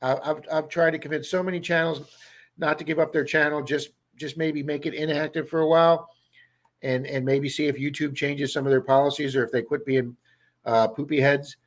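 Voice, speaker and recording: A man's voice: on the high side, fairly even intonation, a little fast. A man with a Baltimore accent hosting a casual livestream, chatting and answering viewers' comments by name. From Baltimore area, USA. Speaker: livestream host.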